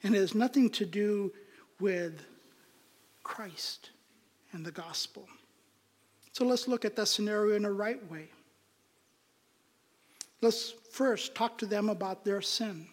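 A man delivers a sermon at a measured, unhurried pace, his tone earnest and his voice sinking to a whisper for emphasis. The long reverb of a church hall trails behind each phrase. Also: sits high. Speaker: pastor.

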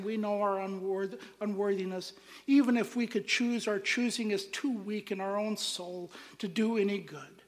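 High-voiced preacher, slow and emphatic. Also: male voice. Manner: emphatic preaching, phrases trailing off to near-whispers. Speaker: pastor. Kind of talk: sermon. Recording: long hall reverb.

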